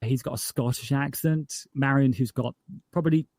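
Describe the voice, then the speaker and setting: In a casual interview, a man from northern England who creates podcasts speaks at a moderate pace in a medium-pitched voice. He's chatty, tends to restart his sentences, and livens up when joking. The sound is dry and studio quality.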